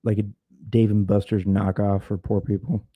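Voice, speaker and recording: A man's voice: on the low side, flat delivery, normal speed, mellow, dry recording. A man who is a podcast guest, telling a story candidly with frequent swearing and stuttered restarts. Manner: frank, profane, repeats words when starting. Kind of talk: casual storytelling.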